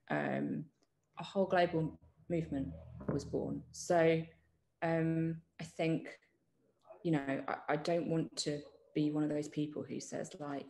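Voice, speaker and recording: A woman journalist talks through her views in a relaxed interview, her voice low with a gravelly texture. She pauses often with ums and restarts her sentences as she thinks. The sound carries a roomy echo. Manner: thoughtful, many ums and restarts. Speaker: journalist guest. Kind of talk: reflective conversational interview.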